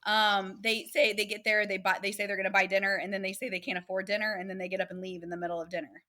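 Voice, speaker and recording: A woman's voice: mid-range voice, flat delivery, quick pace, pushed and bright. A woman, animatedly telling dating stories as a guest in a casual interview and acting out the voices of the people she quotes.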